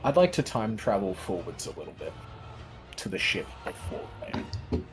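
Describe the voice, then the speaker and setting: Role: game master. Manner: solemn narration. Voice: deep, slow. Behind: music. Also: male voice, big pitch swings. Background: background music.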